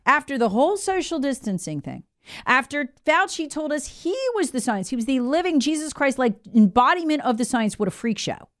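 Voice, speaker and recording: Female talk radio host, mocking and indignant, very animated delivery. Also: high-pitched, a little fast. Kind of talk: opinionated talk radio monologue.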